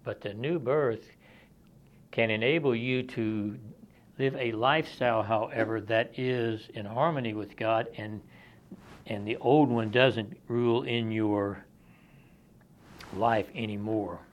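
A man delivers an expository sermon in a mid-pitched, conversational voice. He reads scripture aloud and then explains it in plain, everyday terms. The recording sounds somewhat dull and lo-fi. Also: steady tone, takes it slowly, long pauses. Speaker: preacher.

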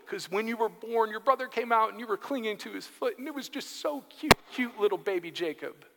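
A man's voice: high-pitched, fairly quick, gravelly, heavy background noise, pitched above the performer's own voice. A man voicing a gushing, doting parent of twins in a sing-song cooing tone. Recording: long hall reverb.

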